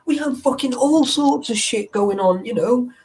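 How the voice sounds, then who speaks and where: A high-pitched man talks in a loose, casual chat and tells his stories with plenty of swearing. He sits a little way back from the microphone, so his voice sounds distant. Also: moderate pace. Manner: heavy swearing, animated storytelling. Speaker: host.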